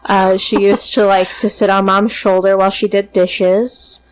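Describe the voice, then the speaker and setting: A woman's voice: medium pitch, little pitch movement, moderate pace, low-quality recording. A woman co-hosting a podcast, telling a family pet story in casual chat, swearing freely with lots of ums. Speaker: podcast co-host.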